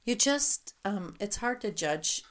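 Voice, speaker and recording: A woman's voice: mid-range voice, expressive, slow pace. A middle-aged woman co-hosting a casual podcast chat, laughing often as she makes her points. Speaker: podcast co-host.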